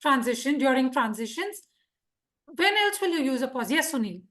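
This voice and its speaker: High-voiced woman leading a workshop. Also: normal speed. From India. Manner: lively, quizzes the audience, acts out examples. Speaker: public speaking trainer. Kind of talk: interactive workshop lesson. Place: club meeting room.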